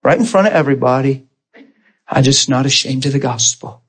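A middle-aged preacher giving a sermon testimony, telling his story in an animated way, acting out voices and laughing often. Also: mid-range voice, a little fast, slightly rough.

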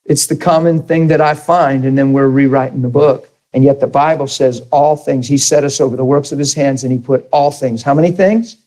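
Mellow-voiced preacher telling a story. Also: male voice, medium pitch, steady tone, fairly quick, hardly any pauses, poor audio. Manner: storytelling, earnest, asks the audience questions. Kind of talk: sermon.

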